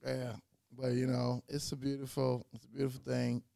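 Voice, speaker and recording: A man co-hosting a podcast, telling animated, profane stories in casual chat. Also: medium pitch, moderate pace, gravelly, dry recording, clean studio sound. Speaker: podcast co-host.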